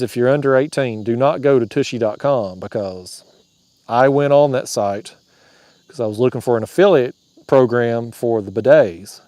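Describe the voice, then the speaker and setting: A man with a drawl talks on a fishing livestream from his kayak, reading out comments and cracking jokes. His voice sits at an ordinary pitch and sounds dry and close, with crickets and insects buzzing outdoors at night. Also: warm tone, no echo. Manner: drawling, joking, laughs at his own jokes.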